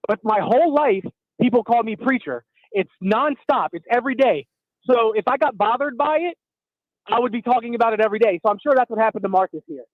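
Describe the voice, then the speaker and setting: A man with a high voice calls in to a radio show and chats eagerly about his own experience. His voice comes through a muffled phone line that sounds dull and dry. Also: a little fast, no room sound. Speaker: caller.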